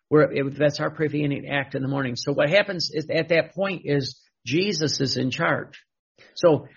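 A man's voice: on the high side, vocal fry, slightly rough. A man preaching a sermon, repeating questions and restarting phrases as he teaches. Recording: dull lo-fi recording.

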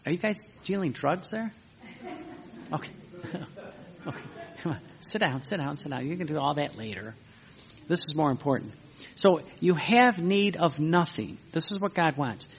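A man's voice: fairly high pitch, animated, moderate pace, pauses often, sharp tone. A man teaching a seated group in an informal spiritual talk, rambling through anecdotes with self-corrections and joking asides. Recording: dull lo-fi recording.

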